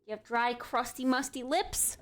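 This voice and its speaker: A woman's voice: sits high, moderate pace. A young adult woman livestreamer in casual live-stream chat, talking straight to her viewers and cheering them on.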